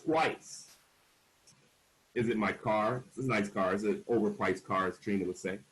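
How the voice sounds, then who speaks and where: Telling his own story candidly at a panel, a man in his forties speaks at a moderate pace in a somewhat low, fairly bright voice. He stresses key words hard and slips into the voices of those he quotes, though the audio is poor.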